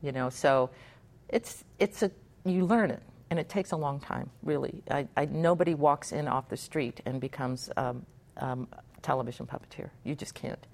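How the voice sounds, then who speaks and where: A middle-aged woman from Hawaii, a puppeteer being interviewed, chatting in an animated way and laughing often. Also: extremely low pitch, moderate pace, gravelly. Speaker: puppeteer guest. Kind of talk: conversational interview.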